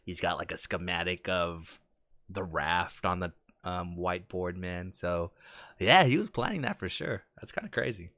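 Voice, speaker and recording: A man co-hosting a casual podcast chat, telling stories with lively acted-out quotes. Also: moderate pace, no room sound. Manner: animated storytelling, acts out quotes with big jumps in pitch. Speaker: podcast co-host.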